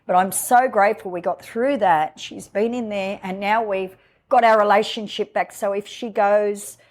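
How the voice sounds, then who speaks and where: A woman, a guest in her own home, telling a personal story in an emotional, halting way with many fillers. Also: medium pitch, fairly even intonation. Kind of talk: candid personal interview.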